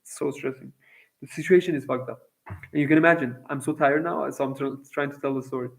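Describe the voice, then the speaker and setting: A man's voice: mid-range voice, steady tone, fast talker, creaky, low-quality recording. A young man from Iran telling a long personal story in a casual, profane, rambling way, with lots of fillers. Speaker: vlogger.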